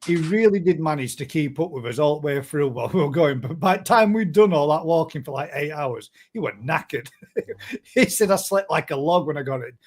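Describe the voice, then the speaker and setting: Chatty Northern English man, fairly high voice. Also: expressive, brisk, a little mellow. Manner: chatty, laughs often, broad dialect. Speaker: show host. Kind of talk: casual live-stream chat.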